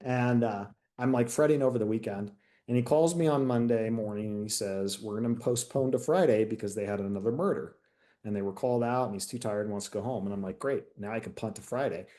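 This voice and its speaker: A retired American detective sergeant tells a candid story in a casual interview, animatedly acting out the quoted dialogue. He speaks briskly in a lowish voice.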